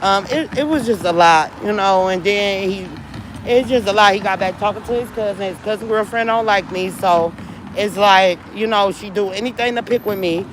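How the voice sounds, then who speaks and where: Speaking at a moderate pace with medium pitch, this female vlogger vents to her audience through background noise. She sounds upset and weary as she recounts a lengthy personal story, repeating herself frequently and talking straight to viewers.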